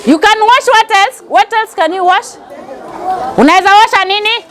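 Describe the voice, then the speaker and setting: A woman's voice: extremely high pitch, normal speed, crowd noise. A woman with a Kenyan accent teaching a pre-primary class, calling out questions and having the children repeat answers. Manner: call-and-response, mixes in Swahili phrases.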